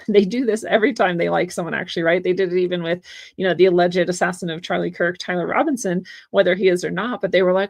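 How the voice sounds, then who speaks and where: A woman's voice: fairly low pitch, steady tone, fast, gravelly, no room sound, clean studio sound. A woman hosting her own show, reading out articles and commenting in a chatty way, laughing often between points. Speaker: podcast host.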